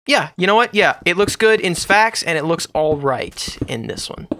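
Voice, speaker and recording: A man's voice: sits high, lively intonation, normal speed, a bit bright, a little hiss or hum. A man hosting his own gaming channel, giving casual, rambling, jokey commentary to himself while he builds in a game.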